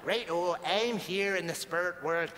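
A man putting on the voice of a smarmy TV psychic who fakes spirit messages in a soft, fake-solemn tone and stumbles through forced accents. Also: high-pitched, steady tone, moderate pace, noisy background, pitched below the performer's own voice, close to an everyday voice. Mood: strained. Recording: echoey live hall recording.

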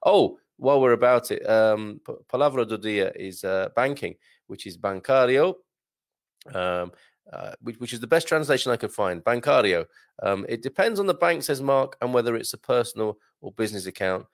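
A man hosting a casual livestream and reading viewer comments aloud, with a gravelly, creaky voice. He talks in a chatty, halting way, full of ums and easy laughter, and his throat sounds slightly strained. The recording is dry and close, with little room sound. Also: mid-range voice, expressive, no room sound. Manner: chatty, hesitant, laughs often, many fillers. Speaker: livestream host.

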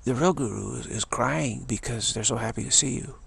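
A man giving an informal spiritual talk, halting and repeating himself, often sinking into a whisper. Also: mid-range voice, creaky, husky. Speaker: spiritual speaker.

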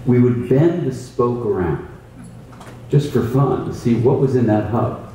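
A man's voice: medium pitch, unhurried, warm tone, slight background noise. A man, a mindfulness teacher, explaining his practice in a thoughtful storytelling way. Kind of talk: reflective conversational explanation. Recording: roomy echo, distant mic, faint ambience.

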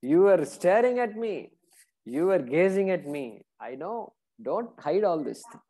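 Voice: mid-range voice, big pitch swings, unhurried, mellow, voice pushed up. A teacher voicing a proud celestial nymph woman while retelling a scripture story in class, first pleading and then cursing in anger. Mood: coaxing.

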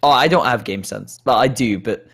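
A guy co-hosting a laid-back gaming podcast. he tells stories in a loose, rambling way, with plenty of fillers and "like"s. his pitch sits right in the ordinary middle for a man. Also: moderate pace, gravelly, fairly bright tone, breathy edge. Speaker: podcast co-host and gamer. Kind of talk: casual chat.

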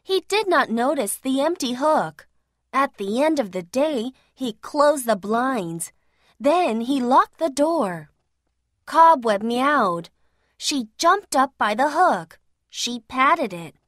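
A woman reads a children's picture book aloud, slow and clear. Her slightly high voice rises and falls a lot, and the recording is close and dry. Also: big pitch swings, fairly bright tone, dry recording. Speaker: storyteller. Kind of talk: reading a children's storybook aloud.

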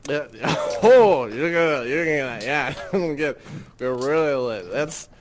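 A hungover man chatting casually with friends in a rambling, drawn-out way, full of sighs and oh's. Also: on the high side, lively intonation, slight background noise. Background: music.

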